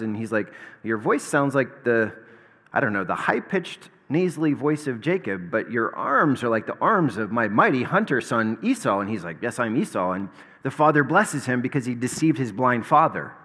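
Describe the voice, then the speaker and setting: A man's voice: medium pitch, fairly bright tone, big-room sound. A man preaching a sermon in a conversational way, with asides and touches of humor. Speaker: pastor.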